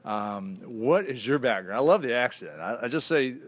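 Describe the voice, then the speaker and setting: A man's voice: medium pitch, lively intonation, moderate pace. A man hosting a radio talk show, asking enthusiastic, rambling questions of his guests. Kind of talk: radio interview.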